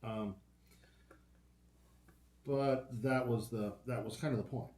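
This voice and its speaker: Halting man, off-mic in an echoey room. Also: medium pitch, a little mellow. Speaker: panelist. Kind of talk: casual panel chat.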